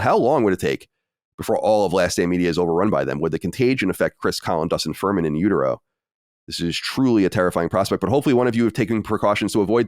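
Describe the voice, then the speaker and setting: Deep-voiced man hosting a podcast. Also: no room sound, clean studio sound. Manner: loose, rambling, self-deprecating. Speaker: podcast host. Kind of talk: casual podcast chat.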